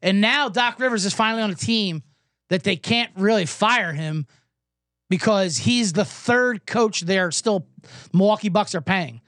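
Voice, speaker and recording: A hoarse man hosting a comedic sports betting podcast, ranting in a sarcastic, profane way. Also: high-pitched, unhurried, a bit bright, no echo, studio quality. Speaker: host.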